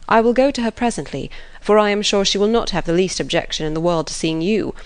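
A woman doing a pompous fussy gentleman. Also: medium pitch, expressive, fast talker, close to an everyday voice. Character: pompous fussy gentleman, self-important brother.

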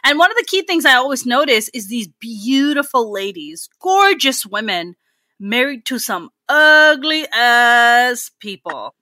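Woman, casual co-host, crude storytelling, very high voice, dry close sound. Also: big pitch swings, unhurried, pushed and bright, no echo. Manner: blunt, profane storytelling with mimicked voices. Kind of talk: casual chat.

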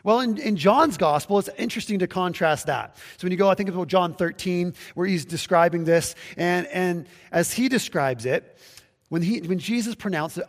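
A man's voice: high-pitched, moderate pace. Pastor guy preaching casual-like, restarts a lot, echoey church sound. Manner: conversational, with restarts and acted-out quotes. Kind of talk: sermon. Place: church sanctuary, livestreamed.

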